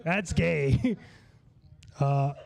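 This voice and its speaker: A man's voice: a little high, very slow, creaky, darkish tone. A man from Long Island doing a stand-up comedy set, slightly tipsy and slurring, with a loose, rambling delivery full of restarts and swearing. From Long Island, New York.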